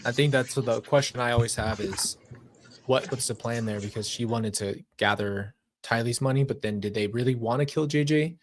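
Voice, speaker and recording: A man's voice: medium pitch, moderate pace, a little hiss or hum. A man reacting live to court testimony in a casual, emotional, rambling way, often repeating himself and searching for words. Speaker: commentary streamer.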